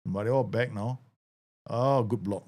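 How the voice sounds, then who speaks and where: A man streaming a football management game, chatting casually, laughing often and breaking into excited outbursts. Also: fairly low pitch, measured pace. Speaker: gaming streamer. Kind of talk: casual live game commentary.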